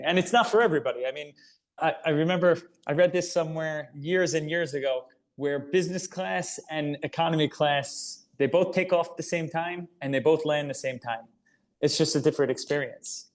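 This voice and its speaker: A company founder and interview guest talking casually and earnestly about his product and business. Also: a little high.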